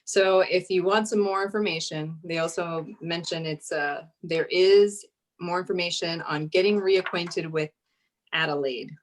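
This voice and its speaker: A woman co-hosts a podcast in easygoing, casual chat. Her voice sits fairly low for a woman. She sounds laid-back and teasing. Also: steady tone, measured pace. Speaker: podcast co-host.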